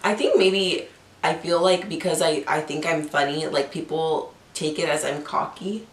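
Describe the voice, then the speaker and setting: Low-voiced sarcastic young woman. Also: fairly even intonation, normal speed. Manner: sarcastic, joking. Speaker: co-host. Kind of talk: casual chat. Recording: echoey room.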